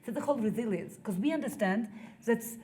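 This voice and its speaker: A woman from Ukraine, in her thirties, speaks English with a Ukrainian accent. She gives a personal account to an audience, pausing often and leaning on "like" as she searches for words. Her delivery is earnest and conversational. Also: a little high, lively intonation, dark tone. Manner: halting non-native English, frequent "like" fillers, earnest. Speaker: executive director speaking to an audience. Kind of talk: personal testimony, conversational speech.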